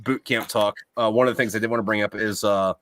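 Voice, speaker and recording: A man's voice: lowish voice, steady tone, fast, fairly bright tone. A man hosting a podcast, telling rambling, profane stories in casual chat. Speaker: podcast host.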